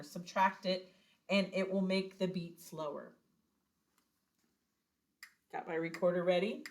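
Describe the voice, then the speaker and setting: A woman's voice: on the low side, steady tone, slow, pauses often, a little mellow, slight background noise. A woman teaching a beginners' recorder lesson, explaining each step patiently and counting out rhythms. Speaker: music teacher.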